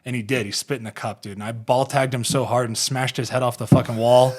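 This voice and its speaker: A man's voice: mid-range voice, little pitch movement, fast talker, a little mellow. A man in his thirties from Ohio, hosting a podcast and telling rambling, profane, laughing stories about his football career. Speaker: podcast host and former pro football player. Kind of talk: casual podcast storytelling.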